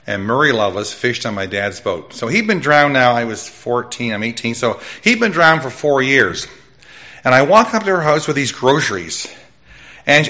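A middle-aged man preaching his life testimony with a loud voice, telling his story with lively jumps in pitch. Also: moderate pace, lo-fi sound. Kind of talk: testimony sermon.

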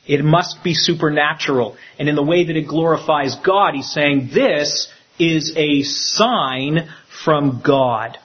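A man, a pastor, preaching a sermon in an animated way and acting out the quotes he tells. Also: a little high, slow pace, few pauses, lo-fi sound.

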